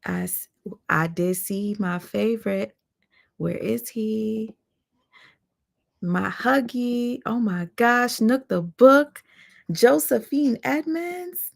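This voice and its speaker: A woman hosting a casual live stream, chatty and excitable, greeting viewers by name. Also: on the high side, takes it slowly, creaky.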